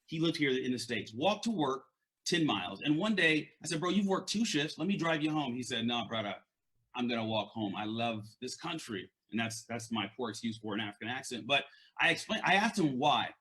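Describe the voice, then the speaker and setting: Speaking briskly with big swings in pitch, a leadership and mindset coach delivers an earnest, conversational motivational talk. His voice runs high and a bit bright, and his stutter leads him to repeat words often.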